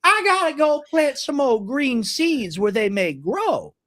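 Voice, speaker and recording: A man's voice: very animated, measured pace, a bit bright, heavily acted. A man voicing a pompous Southern plantation-owner type with a put-on drawling Southern American accent. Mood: mock folksy. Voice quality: drawling, deep and gravelly.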